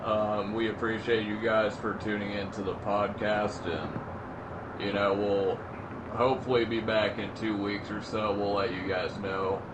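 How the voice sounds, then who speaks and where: A man's voice: on the low side, steady tone, unhurried. A man co-hosting a casual podcast chat, hesitant and rambling, full of fillers. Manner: hesitant, many fillers and restarts. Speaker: podcast co-host. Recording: audible background noise.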